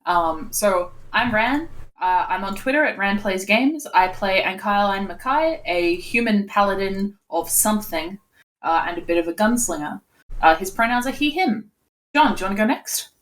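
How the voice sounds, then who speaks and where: A woman in the middle of the pitch range introducing a streamed tabletop game. She talks in a dry, wry way and keeps things organized. Her delivery is casual and conversational. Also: animated, normal speed, fairly bright tone. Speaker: player and stream intro host. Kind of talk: casual chat and show intro.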